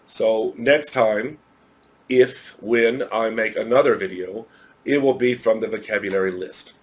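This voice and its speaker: A man's voice: lowish voice, measured pace. A man teaching English to children in a recorded lesson, explaining patiently with repeated examples.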